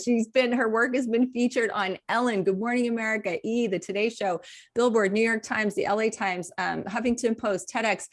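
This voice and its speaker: A woman co-hosting a casual podcast, chatting with warm enthusiasm. She gushes while she introduces a guest and laughs easily between sentences. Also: a little high, normal speed. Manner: gushing, laughs often. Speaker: podcast co-host.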